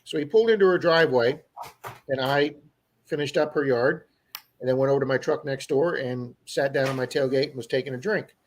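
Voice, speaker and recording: A man co-hosting a livestream, telling an animated story to his viewers in a casual chat. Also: medium pitch, a little fast, slight background noise. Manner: animated storyteller who acts out quoted people. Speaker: livestream co-host.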